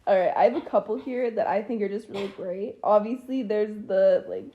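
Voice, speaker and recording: A woman's voice: mid-range voice, moderate pace, muffled recording. A young adult woman co-hosting a podcast in casual chat, often laughing between lines. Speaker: podcast co-host.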